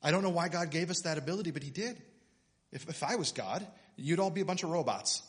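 A middle-aged man, a pastor preaching a sermon with passion, building to loud emphatic peaks and reading scripture aloud. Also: on the high side, expressive, quick pace. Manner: reads scripture aloud with dramatic voices.

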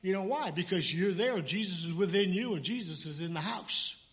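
A man's voice: high voice, expressive, normal speed, a bit bright, long reverb tail. A male pastor giving a sermon in church, talking in a loose, conversational way, often stopping to correct himself and joking with the congregation.

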